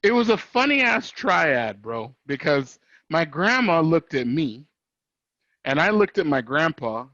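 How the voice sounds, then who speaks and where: In dry, dull lo-fi audio with no room sound, a podcast host recounts a childhood story slowly but very animatedly. His voice runs on the high side, pushed and bright, and he curses, laughs and drops in Spanish phrases as he chats.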